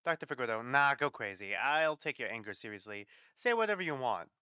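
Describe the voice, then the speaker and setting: A man's voice: medium pitch, sing-song, fast talker, bright, forceful tone, clear, resonant tone, no echo. A man voicing a laid-back, blunt doctor colleague who talks casually, on dull lo-fi audio. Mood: offhand.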